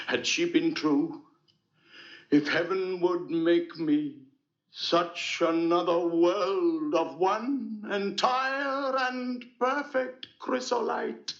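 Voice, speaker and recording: An actor playing a jealous, tormented general in a 1960s Shakespeare film, declaiming with wild cries and low brooding. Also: male voice, fairly bright tone, exaggerated voice. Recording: dull roomy 1960s film soundtrack.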